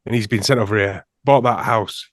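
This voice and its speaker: A man's voice: lowish voice, brisk, no echo, studio quality. A man, a podcast guest, rambles through anecdotes in casual roundtable chat, laughing often.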